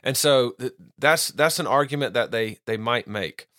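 A man's voice: mid-range voice, normal speed, fairly bright tone, dry recording. Man teaching scripture in a dry room. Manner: earnest, restarts phrases often. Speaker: Bible teacher. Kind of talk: unscripted Bible teaching.

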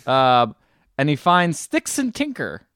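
A man hosting a podcast, casually retelling a movie's plot and acting out the characters' lines in quick bursts. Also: fairly high pitch, wildly swooping pitch, a bit bright, clear, resonant tone, no echo, studio quality. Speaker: podcast host.

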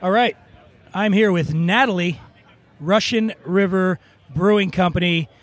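A man's voice: high-pitched, unhurried. A man hosting a podcast, interviewing people at an outdoor beer festival with a handheld mic and teasing his co-host. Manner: teasing, jokey. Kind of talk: casual on-site interview.

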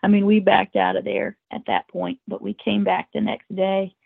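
Woman podcast guest, husky and raspy, earnest storyteller, thin phone-line sound. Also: mid-range voice, little pitch movement, normal speed, no room sound. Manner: earnest, emotional, tumbling restarts. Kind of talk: animated first-person storytelling. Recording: tinny phone-like line, dry.

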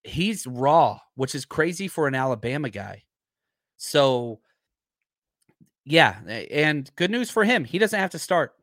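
A man hosting a podcast in a casual, rambling chat, his voice hoarse and worn out. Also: a little high, big pitch swings, unhurried, fairly bright tone, no echo, studio quality. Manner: rambling, chatty, searches aloud for names. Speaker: podcast host. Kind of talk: casual live-stream chat.

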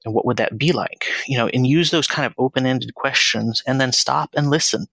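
A man in his thirties, a financial planner as podcast guest, speaking in an earnest, measured and reflective way. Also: mid-range voice, vocal fry, a bit bright, breathy edge, dry recording, rough recording. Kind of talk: conversational interview.

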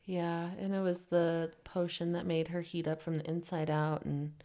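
A young adult woman co-hosting a book club podcast, chatting casually with relaxed, dry, brief replies. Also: lowish voice, normal speed. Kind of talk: casual chat.

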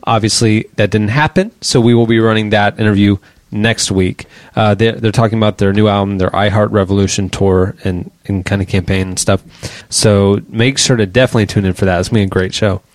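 A man hosting a podcast, chatting casually and reading out show announcements at a quick clip. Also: fairly low pitch, steady tone, dry recording, clean studio sound. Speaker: podcast host.

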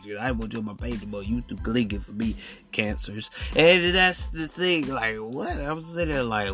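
A man rants through a solo podcast in a blunt, slangy storytelling style. His voice is bright and forceful at a middle pitch, with faint music underneath. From Alabama. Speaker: podcast host.

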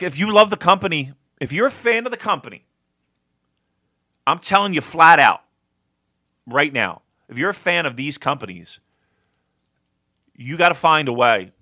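A man's voice: medium pitch, pushed and bright, no echo, studio quality. A man co-hosting a casual podcast, rambling with lots of fillers, restarts and swearing. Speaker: podcast co-host. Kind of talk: casual wrestling podcast chat.

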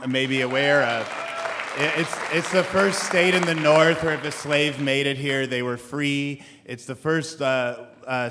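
A man telling a personal story on a theater stage in a relaxed, conversational way, with some restarts. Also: mid-range voice, noisy background. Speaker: storyteller, legal activist. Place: theater stage before a live audience. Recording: live theater with audience murmur.

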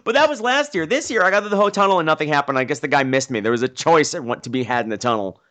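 Lively, animated male storyteller. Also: on the high side, racing. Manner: excitable, self-mocking, acts out quotes. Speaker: podcast host.

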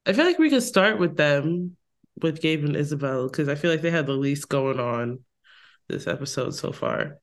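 A woman co-hosts a relaxed podcast. Her voice is stuffy and nasal from a cold. She laughs easily and tends to repeat phrases as she talks. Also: sits low, normal speed. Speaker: podcast co-host. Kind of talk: casual chat.

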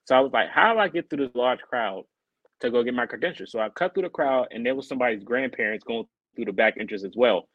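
A man co-hosting a podcast, telling a story in a casual, animated way and acting out other people's lines in a higher voice. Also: fast, dry recording, phone-quality sound. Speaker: podcast co-host.

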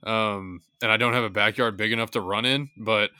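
A man's voice: fairly low pitch, steady tone, brisk, pushed and bright, smooth, dry recording. A man hosting a podcast, easygoing and affirming, asking questions hesitantly with many fillers. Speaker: podcast host. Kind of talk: casual interview chat.

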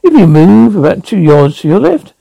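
A man voicing a deep, quiet, unseen male presence in an audiobook, speaking in a soothing murmur. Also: sing-song, normal speed, gravelly, no echo, highs cut off, heavily acted. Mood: calm.

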